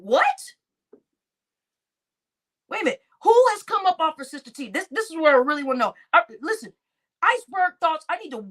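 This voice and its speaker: Animated high-voiced woman stream host. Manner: animated and exclaiming, laughs often. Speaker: live-stream host reacting to clips. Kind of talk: casual live-stream reaction chat.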